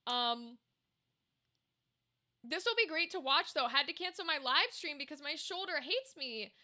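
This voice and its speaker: A young woman chats on a home live stream in a high, bright voice. She rambles, trails off and answers chat as it comes in. Her mic sits on a cluttered table in her room. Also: animated, measured pace. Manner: chatty, rambling, reacts to chat. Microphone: desk microphone.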